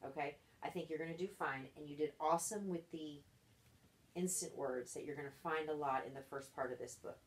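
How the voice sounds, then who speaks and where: A woman's voice: sits low, a little fast. A woman tutoring a child in reading one-on-one, patient and encouraging, explaining each step.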